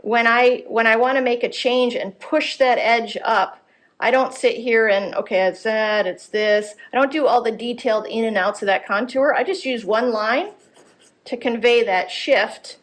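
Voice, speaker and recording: A woman's voice: on the high side, normal speed. A woman teaching art, giving a live drawing demonstration at a gallery workshop and thinking aloud as she corrects her lines. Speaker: art instructor.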